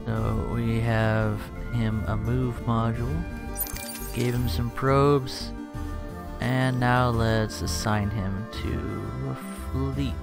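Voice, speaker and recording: A let's play streamer with a mid-range, level voice, drawn-out words and vocal fry thinks aloud while playing a strategy game. His commentary is casual, joking and self-deprecating, with game music in the background.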